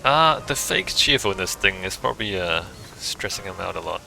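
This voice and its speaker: A man's voice: sits low, big pitch swings, moderate pace, gravelly, sharp tone, soft background music, poor audio. A man playing through a video game, reading its text aloud and adding dry, amused asides. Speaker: game streamer.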